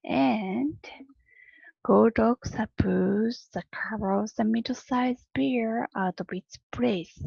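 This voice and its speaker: A woman teacher reading a storybook aloud to her students slowly and deliberately, with long pauses. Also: fairly high pitch, gravelly, darkish tone, husky, no echo, highs cut off.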